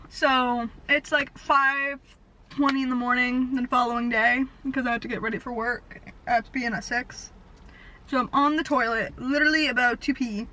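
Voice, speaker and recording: A woman in her twenties, a vlogger rambling through stories in casual chat, talking fast and animated with lots of "like", recorded in a car. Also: sits high, low-quality recording. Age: 20s. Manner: fast, animated storytelling with frequent "like". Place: parked car.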